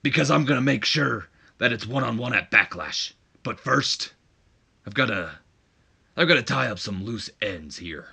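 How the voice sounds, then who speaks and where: A man putting on a boastful wrestling legend delivering a loud promo, as a jokey impression. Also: mid-range voice, lively intonation, normal speed, vocal fry, husky, heavily acted. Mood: hyped promo.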